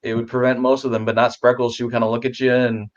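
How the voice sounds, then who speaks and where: A man who is a guest on a casual video chat, rambling with restarts, talking warmly about his pets. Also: medium pitch, flat delivery, fast, dull audio.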